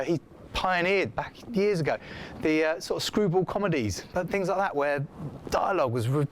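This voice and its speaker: A man giving an informal scriptwriting lecture in a classroom, chatty and animated, acting out the feedback he quotes. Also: on the high side, a little hiss or hum.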